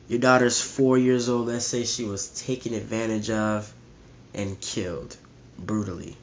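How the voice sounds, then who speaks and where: A man delivering a blunt, fervent preaching monologue, repeating and restarting phrases as he builds his point. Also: mid-range voice. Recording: slightly muffled lo-fi recording.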